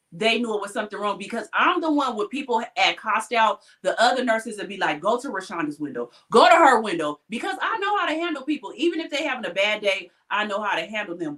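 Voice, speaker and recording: A woman's voice: mid-range voice, a bit bright. A woman who works as a hospital technician, telling a heated work story in casual chat, blunt and swearing freely.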